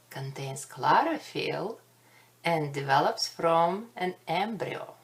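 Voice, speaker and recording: A woman's voice: fairly low pitch, expressive, measured pace. A woman with a Russian accent giving a recorded botany lecture, careful and explanatory, with light self-deprecating humor. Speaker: botany instructor.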